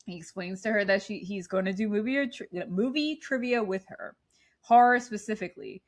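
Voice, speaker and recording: Brisk and mid-range, her voice carries an energetic movie recap on the podcast she co-hosts. She's in her thirties, keeps it chatty, laughs frequently, and acts out scenes as she retells them.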